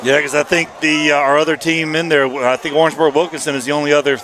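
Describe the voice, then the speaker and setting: A man doing folksy, lively play-by-play for a high school football game at an outdoor stadium. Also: fast, background noise. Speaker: play-by-play announcer. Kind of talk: sports commentary.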